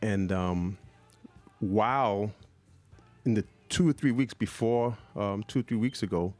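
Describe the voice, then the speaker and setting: A man hosting a podcast interview in a lowish voice. He feels his way through sentences with pauses and restarts, friendly and unhurried. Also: a little mellow, no echo, faint music behind. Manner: halting, full of fillers and restarts. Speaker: podcast host. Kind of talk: interview conversation.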